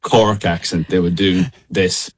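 A young man with a low voice and a midlands Irish accent, talking on a call. He laughs a lot and hesitates, filling gaps with "um" and "like" as he chats easily about his tour. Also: fairly even intonation, measured pace, low-quality recording. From Ireland. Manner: laughing, hesitant, many fillers. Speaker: singer, interview guest. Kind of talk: casual interview chat. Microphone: remote call.

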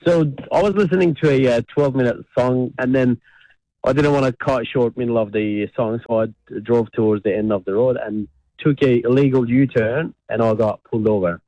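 A male caller on breakfast radio, relaxed and a little hesitant as he tells his story. His voice is mid-pitched and the sound is dry. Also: a little fast, no room sound, poor audio. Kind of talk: phone-in anecdote.

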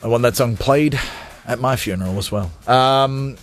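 A man's voice: mid-range voice, moderate pace. A man hosting a live radio show, talking in a jokey, rambling, self-mocking way. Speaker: radio host. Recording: studio with music underneath.

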